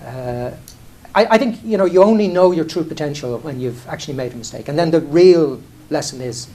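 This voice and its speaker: On stage, a middle-aged Irish airline CEO tells frank stories at his own expense, loose and conversational with restarts and plenty of "you know". His voice is a little high, expressive, slightly fast and warm.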